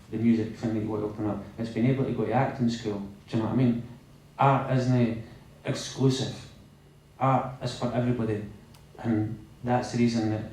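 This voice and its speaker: A man's voice: lowish voice, dark tone, a little hiss or hum. A Scottish man, a youth worker and filmmaker, speaking earnestly and directly to young people at a film premiere. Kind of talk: speech to an audience at a film premiere. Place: large hall at a college event. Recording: echoey hall from far off.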